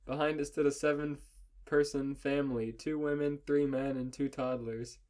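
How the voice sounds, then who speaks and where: A podcast host reads fan fiction aloud in a middle-pitched voice. The reading keeps breaking into laughter and banter. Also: fairly even intonation, moderate pace, darkish tone. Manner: laughs often while reading. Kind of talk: comic read-aloud with banter.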